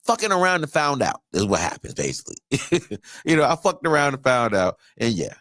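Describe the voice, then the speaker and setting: A man's voice: medium pitch, big pitch swings, fairly quick, fairly bright tone, no echo. A man in his thirties hosting a podcast, telling a loose, profane story in casual chat and laughing often. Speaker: podcast host.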